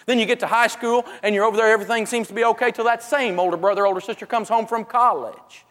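A man's voice: high voice, fairly even intonation, fast, a bit bright, big-room sound. A man giving a humorous teaching talk, telling stories and acting out everyday people, often stumbling and restarting his sentences. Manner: storytelling, acts out everyday people, frequent stammered restarts. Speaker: seminar speaker.

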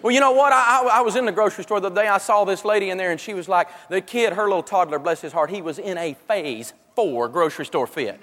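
A middle-aged man giving a humorous, animated finance lecture to a live audience in a large echoing hall. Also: high voice, quick pace, hardly any pauses. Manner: animated storyteller. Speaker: financial teacher. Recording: long echo of a large hall.

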